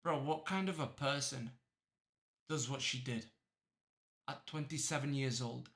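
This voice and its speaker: A man in his twenties from Texas, reacting to a video in blunt, profane casual commentary that breaks into loud cheering. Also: medium pitch, a little slow. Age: 20s.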